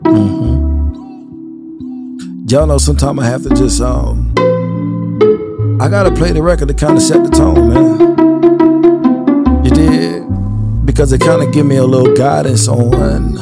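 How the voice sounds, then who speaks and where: Male podcast host, slangy and direct with listeners, gravelly fry, mid pitch, dry recording. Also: huge pitch swings, unhurried, pauses often, over loud music. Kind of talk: casual motivational podcast monologue.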